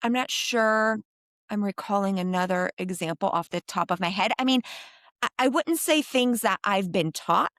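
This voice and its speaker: A woman geropsychologist answering interview questions in a thoughtful, animated way, with frequent fillers. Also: mid-range voice, moderate pace, no echo, studio quality. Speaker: geropsychologist guest.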